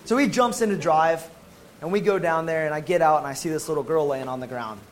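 An American man, a former Marine medic, telling a personal testimony to an audience in an animated, emphatic way with casual slang. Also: on the high side, brisk, a little hiss or hum, poor audio.

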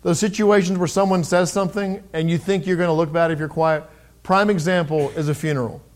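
A middle-aged man preaching a sermon in a conversational way, with pauses and restarts, who raises his voice when he reads scripture. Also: high-pitched, fairly even intonation. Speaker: pastor.

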